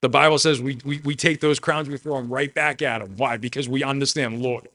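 A man's voice: medium pitch, steady tone, a little fast. Emphatic preaching man. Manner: emphatic preaching with sudden loud and soft swings; addresses the congregation directly. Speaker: pastor. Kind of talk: sermon.

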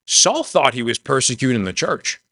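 A man preaching a sermon in a conversational way, dropping soft and low when he voices quoted words. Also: very animated, moderate pace, no echo. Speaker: pastor.

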